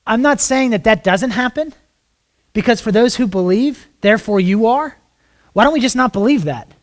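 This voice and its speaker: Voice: mid-range voice, expressive, normal speed. Rambling ministry school teacher, frank asides. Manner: rambling, many fillers and rhetorical questions. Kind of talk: informal class teaching with Q&A.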